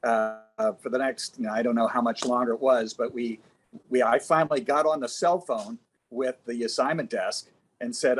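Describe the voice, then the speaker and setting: A man who is a former television news reporter, telling a story as a guest in a halting, reflective way. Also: medium pitch, fairly even intonation, breathy edge. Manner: halting, recollecting, pausing to find words. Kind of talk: casual anecdotal storytelling.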